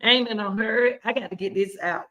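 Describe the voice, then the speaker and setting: A woman hosting casual reaction commentary, excitable and chatty, repeating herself often. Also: medium pitch, fast. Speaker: commentary host.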